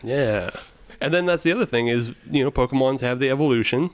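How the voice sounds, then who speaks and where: A man's voice: mid-range voice, a little fast, dry recording. A man co-hosting a casual beer-tasting podcast, joking and laughing often. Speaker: podcast co-host.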